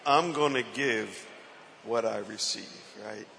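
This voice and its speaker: Gravelly man preaching in a reverberant hall. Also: fairly low pitch, slow pace, sharp tone, a little hiss or hum. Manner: questions the congregation, playful. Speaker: preacher on a panel. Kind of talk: conversational sermon. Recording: long reverb from a hall, faint ambience.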